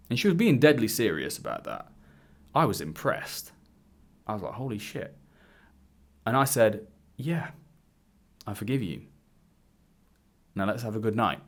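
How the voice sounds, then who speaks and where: Low-voiced man telling a candid story. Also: a bit bright. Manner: candid, swearing, acts out quoted dialogue. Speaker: dating coach. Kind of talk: casual storytelling to camera. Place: indoors, wearing a hood. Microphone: camera mic.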